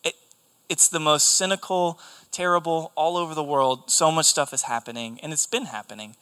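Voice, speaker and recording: A man's voice: fairly high pitch, moderate pace, bright, forceful tone, clear, resonant tone. A man preaching a sermon, earnest and emphatic, repeating his key phrases for weight.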